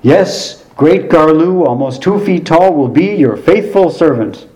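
Showy, raised-pitch male toy-ad announcer voiced by a man, bright and over the top. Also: expressive, a little slow. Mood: peppy. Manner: dramatic, then bright and peppy.

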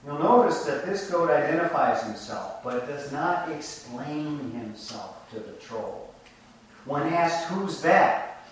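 A man's voice: fairly high pitch, animated, a little hiss or hum. A man preaching a reflective sermon, telling a folk tale and drawing lessons from it, recorded from a distance. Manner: reflective, measured storytelling. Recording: echoey room from a distant mic.

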